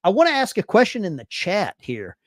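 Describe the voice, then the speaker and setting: Man, live stream host, casual chat, excitable, higher pitch, dry mic. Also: a little fast, dry recording. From Arkansas. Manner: animated, reads chat aloud with bursts of enthusiasm.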